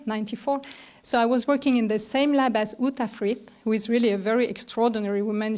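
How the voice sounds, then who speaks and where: Middle-aged woman speaking at a panel. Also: on the high side. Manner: conversational, thoughtful, with restarts. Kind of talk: round-table talk. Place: lecture room.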